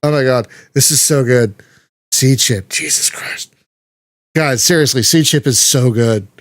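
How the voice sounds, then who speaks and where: A man hosting a casual podcast chat, gushing and excitable, swearing freely. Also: mid-range voice, moderate pace, no room sound. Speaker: podcast host.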